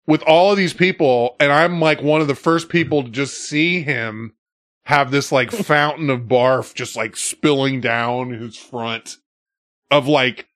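A man telling a story in casual podcast chat, swearing freely and shouting when he acts out the scenes. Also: mid-range voice, unhurried, dry recording, studio quality. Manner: profane, animated storyteller who shouts when acting out scenes.

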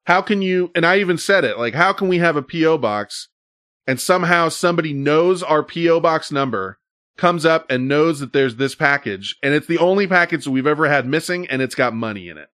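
A man's voice: fairly high pitch, animated, fairly quick, a bit bright, dry recording, studio quality. A man in casual conversation, telling a long, exasperated story that wanders and swears freely. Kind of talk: casual chat.

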